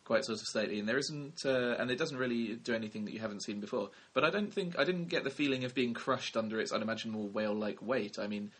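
A man's voice: medium pitch, fast, hardly any pauses, a bit bright, slightly rough. A young man co-hosting a film podcast, rambling wryly in casual chat and correcting himself. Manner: wry, rambling, self-correcting. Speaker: podcast co-host, film critic.

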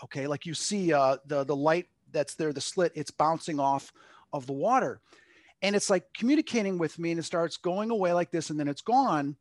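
Higher-voiced man telling a rambling story. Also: normal speed, no echo, clean studio sound. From Long Island, New York. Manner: rambling, acts out quotes with lots of "like". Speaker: medium, guest. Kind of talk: personal storytelling in an interview.

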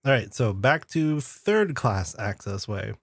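A man's voice: lowish voice, animated, a little slow, slightly rough, no echo. A man playing a tabletop role-playing game, laid-back, laughing often. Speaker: player.

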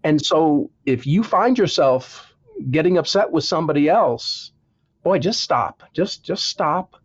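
A man's voice: on the high side, animated, a little slow, lo-fi sound. A man, an author being interviewed, giving earnest advice and repeating words for emphasis. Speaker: author and guest. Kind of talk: interview, preaching-style advice.

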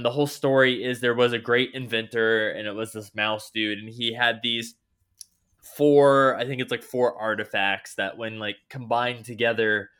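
Young man, casual gaming chat, bright crisp voice, animated storytelling. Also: on the low side. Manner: animated storytelling, acts out his own reactions. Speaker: podcast host.

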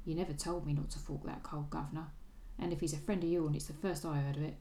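A woman's voice: low-pitched, fairly even intonation, fast talker, dark tone, reverberant, natural voice. Woman doing a cheeky Cockney servant boy. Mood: sulky. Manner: thieves' cant, sulky and defensive. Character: scrappy young male servant boy, cheeky thief. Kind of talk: reading aloud from a novel.

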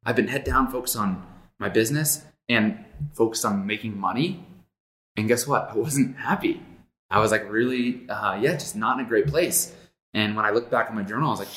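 A man speaks reflectively on a casual podcast, drawing on his own life, with fillers along the way. His voice is on the low side. The room around him is echoey. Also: brisk, a bit bright. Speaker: podcast co-host.

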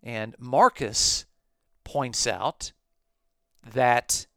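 A man hosting a talk podcast, reading from commentaries and explaining them in a measured way. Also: mid-range voice, a bit bright, no echo. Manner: measured, explanatory, quotes sources aloud. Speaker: podcast host.

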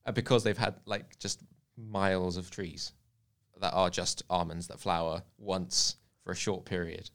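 A man explaining an issue in a relaxed chat, his speech full of "like" and small restarts. His voice is low with a noticeable gravelly fry. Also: a little slow. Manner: explaining, filler-heavy with frequent "like". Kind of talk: casual chat.

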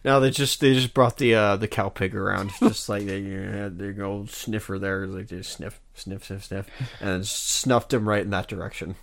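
A man with a fairly low voice co-hosting a casual podcast. He talks in a relaxed, joking way. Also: moderate pace, vocal fry, hardly any pauses. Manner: laid-back and joking, with frequent laughs. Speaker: podcast co-host. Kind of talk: casual comic book discussion.

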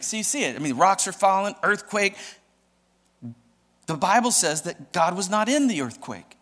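A male pastor preaches an animated sermon, swinging between booming declarations and hushed asides and often asking the audience questions. His voice is bright and forceful and pitched somewhat high. A long reverb hangs in a large hall. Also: moderate pace, pauses often.

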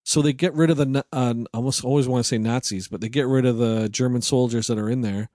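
A man's voice: mid-range voice, steady tone, fast talker, warm tone, no room sound, studio quality. A man co-hosting a casual movie review chat, rambling and sarcastic, swearing freely as he picks apart plot holes. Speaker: podcast co-host.

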